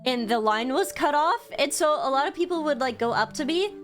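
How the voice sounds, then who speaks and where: A young woman streams and chats with her viewers, telling stories in a bubbly, swear-happy way. Her voice sits a little high. Soft music plays quietly underneath. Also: lively intonation, a little fast. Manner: bubbly storytelling, swears freely, frequent "like". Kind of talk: casual chat to stream viewers.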